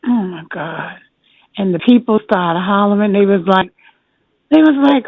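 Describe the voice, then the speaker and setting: An older woman telling her story as an interview guest, animated and laughing often as she acts out what people said. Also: medium pitch, normal speed, no room sound. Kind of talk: lively storytelling. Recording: tinny phone line.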